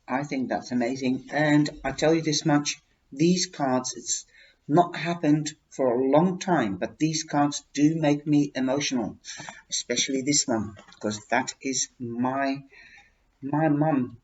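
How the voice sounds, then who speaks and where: A man reviewing a tarot deck in a heartfelt, casual way, talking emotionally and haltingly with many restarts. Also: medium pitch, a little mellow. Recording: dull lo-fi recording.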